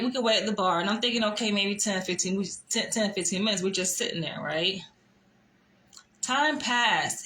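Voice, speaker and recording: A young woman telling a dating story to camera, animated and exasperated, swearing freely. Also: fairly high pitch. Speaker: vlogger. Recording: echoey room.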